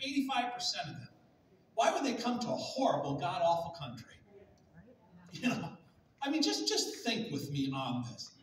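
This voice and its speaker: A male pastor preaching a sermon with passion, swinging from near shouts to soft, hushed tones. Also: very high voice, slight background noise. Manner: impassioned, rising to near shouts, then dropping soft and hushed. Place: large church sanctuary. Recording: echoey room audio from a distant mic.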